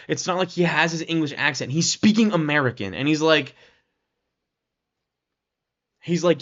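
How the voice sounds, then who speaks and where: A man's voice: fairly high pitch, animated, normal speed, long pauses, highs cut off. A man giving a casual, rambling film review rant, leaning on "like" and "right?" and swearing now and then.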